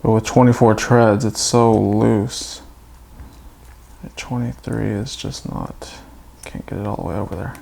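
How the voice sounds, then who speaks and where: A man's voice: on the low side, steady tone, a little slow, gravelly, pauses often, warm tone, a little hiss or hum. A man casually talking through a toy build, chatty with self-mocking asides.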